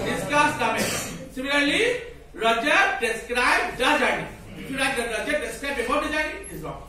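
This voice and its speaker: Man, grammar teacher, questioning, repetitive, very high voice, booming room echo. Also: pushed and bright, far from the mic. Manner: repetitive, questioning, drills students in call-and-response. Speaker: English teacher. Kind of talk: classroom grammar lesson. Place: classroom. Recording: very echoey room, voice from afar.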